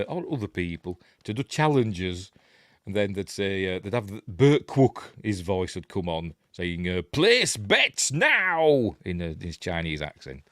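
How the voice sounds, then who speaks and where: A middle-aged man with a Yorkshire accent and a lowish voice hosts a casual film breakdown, rambling, chuckling and wandering off on tangents. The recording is dry, with studio quality.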